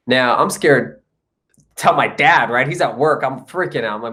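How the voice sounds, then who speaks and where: A young man from India tells a story as a guest in a relaxed interview. His voice sits at an everyday middle pitch, and he talks in an animated way, jumping into the voices of the people in his story. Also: a little fast. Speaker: guest, comedian and actor.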